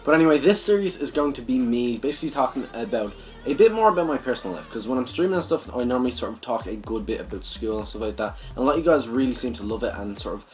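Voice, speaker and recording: A man's voice: medium pitch, expressive, fast, darkish tone, soft background music. A young man with an Irish accent hosting a casual vlog, rambling with lots of "sort of" and frequent swearing. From Ireland. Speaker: gaming channel host.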